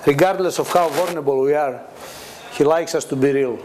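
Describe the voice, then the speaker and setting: A guest preacher with a fairly high voice speaks a little fast over a noisy background at a church meeting where the congregation responds. His conversational testimony sermon is full of laughter and animated storytelling, as he acts out the voices of people he quotes.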